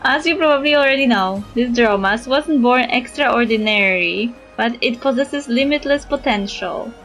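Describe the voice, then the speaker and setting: A woman voicing a calm, formal and kindly middle-aged male scholar in a game. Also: on the high side, normal speed, faint music behind, rough recording. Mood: gentle.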